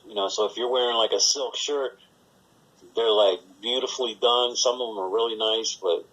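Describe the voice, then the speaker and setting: A man's voice: medium pitch, moderate pace, fairly bright tone, rough recording. A man co-hosting a podcast, rambling through work stories in casual, profane chat and acting out the voices of the people in them. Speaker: podcast co-host.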